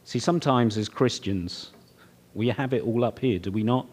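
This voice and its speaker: A man's voice: medium pitch, normal speed, darkish tone, husky. A middle-aged man preaching, telling his own story in an earnest, conversational way. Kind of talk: sermon testimony.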